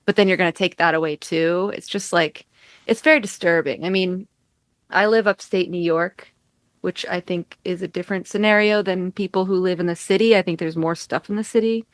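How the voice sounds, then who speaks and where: An American woman with a lowish voice chats as a podcast guest, rambling from thought to thought and leaning on "like" at every turn. Her voice is dry and close, with no room sound around it. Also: steady tone, a little fast, no echo. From United States. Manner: rambling, heavy use of "like". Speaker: musician guest. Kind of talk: casual chat. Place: home in upstate New York.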